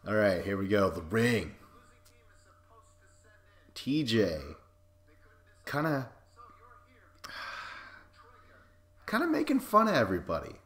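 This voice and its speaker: A man's voice: fairly low pitch, wildly swooping pitch, drawn-out words, pauses often, a bit bright. A man hosting a podcast, giving casual, sarcastic commentary over a video and swearing freely. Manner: sarcastic, profane, frequent laughs.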